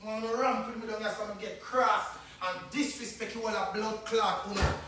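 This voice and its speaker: A man's voice: high-pitched, fairly even intonation, normal speed, sharp tone, echoey room, slight background noise. Angry Jamaican man ranting. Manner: angry, insulting, cursing, repetitive. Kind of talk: ranting on a phone livestream.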